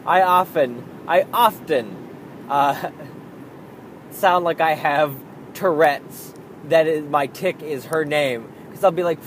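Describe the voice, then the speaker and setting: A young father speaks frankly about raising his daughter, slipping easily into swearing. His voice sits slightly high for a man and he takes his time with each thought. A faint steady hum runs underneath the recording. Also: slow, poor audio. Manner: candid, swears freely, acts out his own outbursts. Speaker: parent talking about raising a child. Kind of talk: casual monologue.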